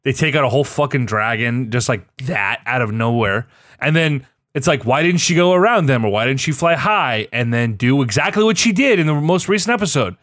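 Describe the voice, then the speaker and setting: A man's voice: mid-range voice, animated, fairly quick, a bit bright, dry recording, studio quality. A man in a casual chat, ranting with heavy swearing and exasperation.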